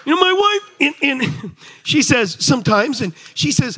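A middle-aged man preaching a sermon to a congregation in an animated, conversational way, talking straight to his listeners. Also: very high voice, measured pace. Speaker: pastor. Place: church service before a congregation.

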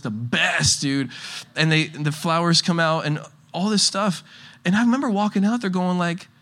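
A man's voice: a little high, a bit bright. A young man preaching a casual sermon, rambling with frequent restarts and chuckling through stories. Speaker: pastor.

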